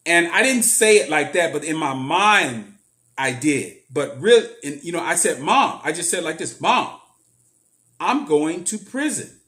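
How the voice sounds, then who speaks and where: A man's voice: on the high side, lively intonation, measured pace, sharp tone. Earnest man telling his story. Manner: earnest, emphatic storytelling with repetitions. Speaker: motivational speaker. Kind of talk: personal story monologue.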